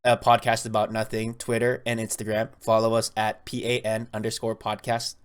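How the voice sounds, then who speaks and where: A man's voice: on the low side, monotone, moderate pace, smooth. A young man co-hosting a casual podcast, making his points in an earnest, argumentative way with plenty of "like" and "you know". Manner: argumentative, earnest, lots of fillers. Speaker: podcast co-host. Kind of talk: casual chat.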